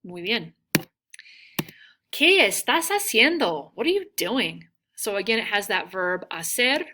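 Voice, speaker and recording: Bright-voiced woman teaching vocabulary. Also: medium pitch, sing-song, a little hiss or hum. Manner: models words slowly, prompts repetition. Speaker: Spanish teacher. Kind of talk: recorded classroom lesson.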